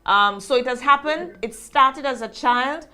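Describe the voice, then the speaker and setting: A woman co-hosting a talk show, agreeing and explaining in a steady way. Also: sits high, measured pace, smooth.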